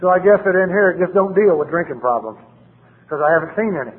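A man's voice: high-pitched, expressive, quick pace. A middle-aged man with a blunt, plain-spoken manner, sharing his recovery story at a meeting. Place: meeting hall. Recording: tinny lo-fi recording in a reverberant hall.

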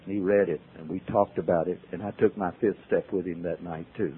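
A man tells his recovery story to a meeting in a folksy way, swinging from loud to hushed. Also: low-pitched, steady tone, brisk, slight background noise. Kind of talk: personal storytelling talk. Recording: tinny phone-like old tape.

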